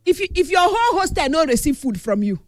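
A young Nigerian woman talks in a high, swooping voice, switching between Pidgin and English as she tells lively stories. She exclaims often and her pitch jumps around. The sound is close and dry, with soft music underneath. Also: fast, no room sound. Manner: animated storytelling, code-switching, exclaiming.

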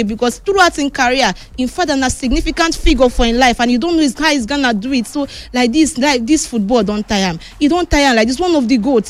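A high-pitched Nigerian woman runs through the day's football stories in a relaxed, chatty way. She moves easily between Pidgin and English and keeps her delivery lively. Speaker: sports news host. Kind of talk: casual sports news roundup.

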